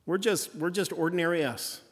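A man preaches as a pastor in an easy, folksy way, returning again and again to the same refrains. His voice sits somewhat high for a man. A long church reverb trails after his words. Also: brisk, slightly rough. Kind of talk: conversational sermon.

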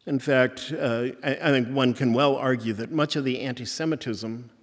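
A man preaching a sermon in a halting, searching way, with many restarts and fillers. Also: mid-range voice, fairly even intonation. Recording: long hall reverb.

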